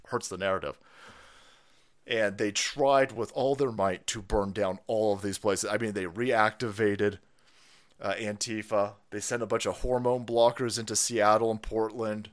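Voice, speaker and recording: A man's voice: mid-range voice, fairly bright tone. A man ranting sarcastically on a livestream, profane and laughing often. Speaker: political commentary streamer.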